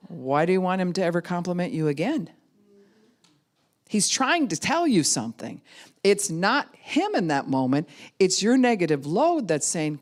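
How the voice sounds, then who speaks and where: Animated woman pastor teaching. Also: lowish voice. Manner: lively, acts out other people's words in quick little voices; conversational, with frequent "you know" and "right?". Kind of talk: teaching talk to a class.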